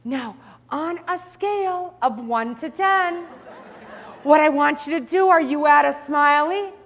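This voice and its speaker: A woman voicing a cheerful young man shadowing hospital staff, talking in a slow, overly sweet singsong. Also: high-pitched, a bit bright, long reverb tail, voice pushed up. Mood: chirpy, sweet.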